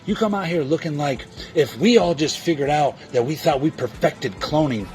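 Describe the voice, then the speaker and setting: A man's voice: fairly high pitch, moderate pace, darkish tone. Boastful man cutting a wrestling promo. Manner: boastful, taunting, insulting. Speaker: online wrestling league competitor. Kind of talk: trash-talking wrestling promo.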